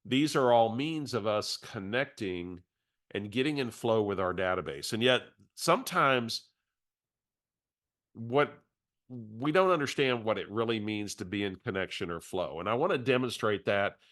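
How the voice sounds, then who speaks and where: A man's voice: fairly low pitch, expressive, measured pace, fairly bright tone. A middle-aged man coaching real estate agents in a webinar, talking conversationally and restarting his phrases as he tells a story. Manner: conversational, repeats words as he restarts. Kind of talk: webinar coaching talk with anecdote.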